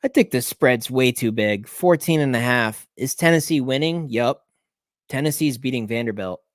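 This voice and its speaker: A man's voice: medium pitch, normal speed, no room sound, studio quality. Man muttering through betting picks live. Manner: talks to himself, repeats team names, frequent self-corrections; jumps between muttering and excited outbursts. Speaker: sports betting show host. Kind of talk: live-stream betting picks, thinking aloud.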